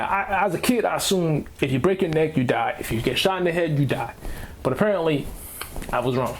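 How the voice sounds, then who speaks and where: A man's voice: on the high side, fairly quick, slight background noise. A man hosting a reaction video, ranting casually in slang and repeating himself as he talks.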